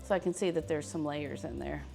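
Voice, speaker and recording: A woman's voice: sits low, fairly even intonation, a little fast, creaky, darkish tone, soft background music. A woman hosting a live cooking demonstration from her kitchen, chatting with her viewers as she cooks. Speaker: cooking show host. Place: home kitchen.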